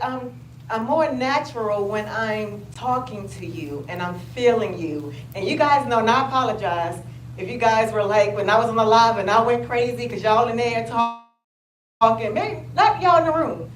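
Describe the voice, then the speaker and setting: A high-voiced woman talks from the floor of a large event room, her voice bouncing in the echoey space over steady crowd ambience. She is animated and emotional, swinging between loud excitement and soft, heartfelt speech. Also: normal speed, a little hiss or hum. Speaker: attendee asking a question. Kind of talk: emotional, chatty sharing at a live event.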